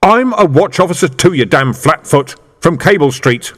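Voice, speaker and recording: A contemptuous, snarling secret policeman, put on by a male reader, pitched well up and pushed louder. A long room echo hangs on every line. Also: expressive, moderate pace. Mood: furious. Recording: reverberant room.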